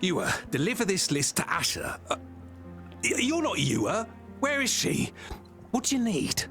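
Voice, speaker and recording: An actor playing a stern military camp supply officer who speaks in a formal, commanding way, with game music behind him. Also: male voice, high-pitched, wildly swooping pitch, moderate pace, sharp tone, exaggerated voice. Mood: grave.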